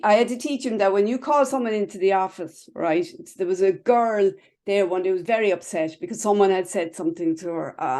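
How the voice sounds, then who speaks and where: A woman's voice: medium pitch, darkish tone. Woman teaching a class over video call. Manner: checks in with "right?" and "okay?" after nearly every phrase; chatty, explains with everyday images and anecdotes. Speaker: wellness instructor.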